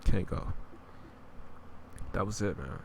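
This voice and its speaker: A young man with a deep, creaky voice hosts a podcast, talking slowly and casually about video games. His chat is blunt, profane, and rambling, with a noisy background behind him.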